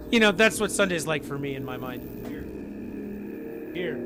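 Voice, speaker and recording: A man in his forties streams from home, his voice scratchy and raspy from a lingering illness. He sits fairly high for a man and wanders from topic to topic in loose, chatty asides to viewers. Game music runs clearly underneath him. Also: lively intonation, moderate pace. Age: 40s. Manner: rambling, chatty, talks to viewers and family mid-stream. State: hoarse, scratchy voice after being sick. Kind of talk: casual live-stream chat.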